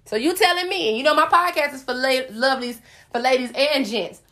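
A woman's voice: sits high, fairly quick, sharp tone. A woman hosting a solo podcast, preaching at her listeners with sass and speaking directly to them. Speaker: podcast host.

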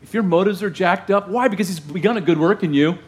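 A man's voice: sits high, quick pace. A male pastor preaching a sermon in an emphatic, conversational way, often asking his congregation questions.

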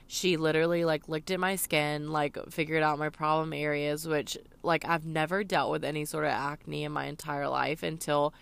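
Young woman vlogging, chatty and emotional, low voice with lots of fry. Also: level tone, moderate pace, hardly any pauses, fairly bright tone. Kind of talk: casual chat to viewers. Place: Los Angeles.

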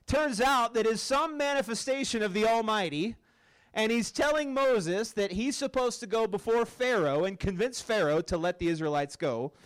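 A man preaching to a campus group in a casual, joking way, often checking in with the room. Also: high-pitched. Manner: casual, joking, keeps asking the crowd "right?". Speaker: campus ministry speaker. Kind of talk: sermon.

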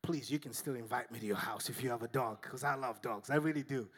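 A pastor who grew up in Africa preaching a sermon, telling lively stories and then dropping to soft, hushed tones. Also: male voice, mid-range voice, quick pace, slightly rough. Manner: animated storytelling, swinging to soft and hushed.

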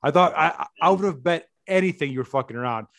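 A man's voice: a little high, expressive, fast talker, fairly bright tone, no room sound. A man co-hosting a podcast in casual chat, blunt, cursing freely and laughing between his points. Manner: blunt, swears freely, laughs mid-sentence. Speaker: podcast co-host.

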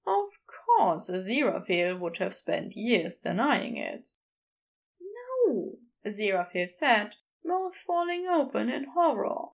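Slow, emotive woman narrator. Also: medium pitch, very animated, creaky. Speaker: podfic reader. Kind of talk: audiobook narration.

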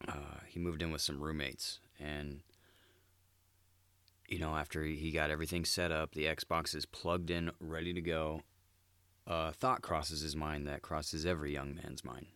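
Male podcast host, very low smooth voice, crude and laid-back, dry close sound. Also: little pitch movement, a little slow, pushed and bright, no echo. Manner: crude, laid-back, swears a lot and says "dude". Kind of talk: solo comedic monologue.

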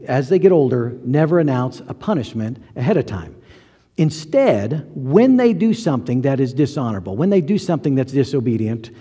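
A man's voice: medium pitch, dark tone, slightly rough, in a large hall. A male pastor preaching a sermon in a conversational way, asking the listeners questions and acting out little quotes.

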